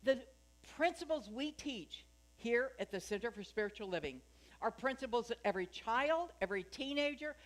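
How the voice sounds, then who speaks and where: A woman's voice: on the high side, expressive, normal speed. A woman minister giving a sermon at a spiritual center, chatty and joking, asking her congregation questions.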